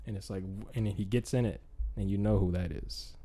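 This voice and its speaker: A casual young man with a somewhat low voice spins a story on a podcast. He rambles and piles on fillers, breaking into quick acted-out lines as he goes. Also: fairly even intonation, dark tone. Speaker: podcast host. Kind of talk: casual chat.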